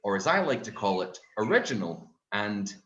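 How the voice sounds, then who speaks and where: A Scottish man performing a stand-up comedy set, repeating his punchlines and jumping into high voices for the people he quotes. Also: sing-song, moderate pace, a bit bright, echoey room, dull audio. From Scotland.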